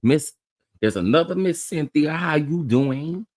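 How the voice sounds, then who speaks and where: A man hosting a casual live stream, chatting with viewers, greeting them by name and laughing often in a sassy, animated way. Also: on the high side, unhurried, no room sound. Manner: sassy and chatty, calls people honey, child, baby. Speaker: livestream host.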